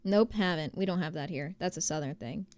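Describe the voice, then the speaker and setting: A woman's voice: on the low side, fairly quick, a little mellow, no room sound. Chatty young woman streamer. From New Jersey, USA. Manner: chatty, rambling with many fillers. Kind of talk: casual chat reading viewer messages.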